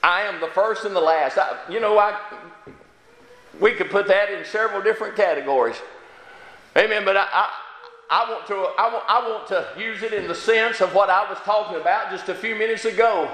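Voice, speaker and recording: Male preacher, high and bright, fervent sermon delivery full of amens, recorded in a reverberant church hall. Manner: fervent, punctuated with frequent amens and halting fillers. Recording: echoey hall with long reverb.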